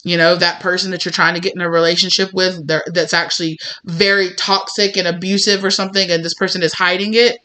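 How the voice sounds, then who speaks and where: Bright-voiced woman giving a rambling tarot reading. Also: on the low side, level tone, fast talker, few pauses. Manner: rambling, conversational, full of "you know" and acted-out mini dialogues. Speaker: tarot reader. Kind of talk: spiritual tarot reading monologue.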